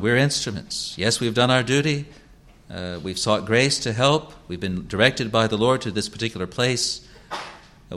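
Here a pastor addresses his congregation in a sermon, his voice on the low side and a bit bright. He speaks earnestly and at a measured pace, returning to the same phrases again and again for emphasis.

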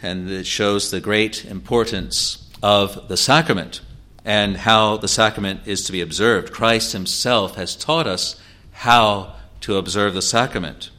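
A man preaching an expository sermon, teaching in a measured way with pauses and restarts. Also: lowish voice, sharp tone.

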